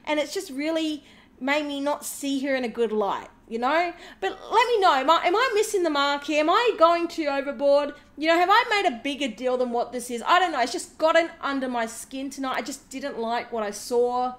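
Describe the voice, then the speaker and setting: A woman's voice: high voice, fairly quick, fairly bright tone. A woman hosting a reaction video, talking in a sarcastic, indignant way. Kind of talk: reaction commentary.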